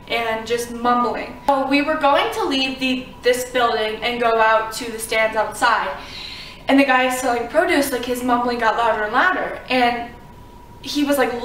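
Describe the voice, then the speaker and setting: A woman's voice: sits high, a bit bright, slight background noise. A woman from Florida telling a personal story to camera in a casual, rambling way, full of "like" and "um". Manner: chatty, filler-heavy with frequent "like" and "um". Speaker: vlogger. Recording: roomy sound, mic at a distance.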